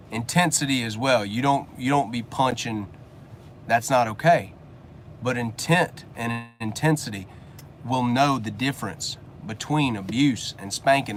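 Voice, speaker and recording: A man's voice: medium pitch, slight background noise. A man giving a blunt, preachy motivational rant from his car, swearing casually as he talks to his viewers. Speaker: business coach and channel host.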